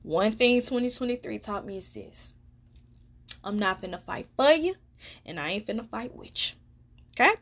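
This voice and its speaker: A woman's voice: mid-range voice, lively intonation, normal speed, pauses often, a bit bright. A woman hosting a solo podcast, talking candidly and emphatically, swearing freely. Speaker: podcast host. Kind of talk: casual solo podcast monologue.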